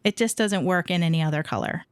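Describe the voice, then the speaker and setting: A woman's voice: fairly low pitch, fast, clear, resonant tone, no room sound. A woman from Hawaii co-hosting a podcast in casual chat, laughing often as she talks. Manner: giggly, laughs often while talking. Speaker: podcast co-host.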